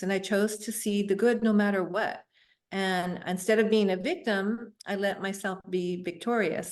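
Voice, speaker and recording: A middle-aged woman, a guest on a show, telling her personal story in an earnest, reflective way, with soft laughs and fillers. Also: mid-range voice.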